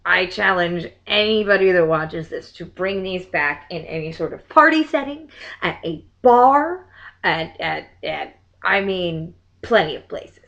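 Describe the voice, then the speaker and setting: A woman's voice: on the low side, expressive, unhurried, creaky, a bit bright, dull audio. A young woman vlogger in a casual chat, reading limericks aloud in a theatrical sing-song way and dropping to muttered asides between them.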